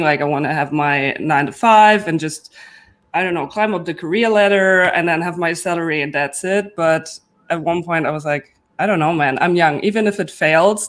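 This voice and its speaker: A woman's voice: deep voice, fairly even intonation, normal speed. A woman on a panel, telling her story in an earnest, reflective way. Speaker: panel guest. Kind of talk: casual panel chat.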